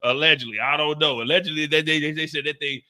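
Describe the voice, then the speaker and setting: High-voiced man, joking reaction host, swears freely. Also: steady tone, quick pace. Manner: loud, profane, joking. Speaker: streamer recapping a TV episode. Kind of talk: animated reaction commentary.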